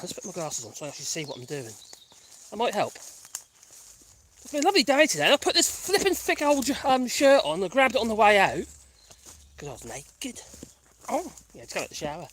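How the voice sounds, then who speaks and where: Out on a country path, a woman chats and rambles for her casual walking vlog, breathless and laughing a lot. She speaks at medium pitch with a slightly bright tone.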